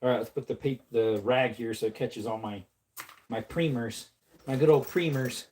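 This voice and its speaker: A woman's voice: very deep voice, normal speed, mellow, slight background noise. A woman chatting casually on a livestream while reloading ammunition, playful and laughing often. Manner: playful, laughs often, slips into silly voices.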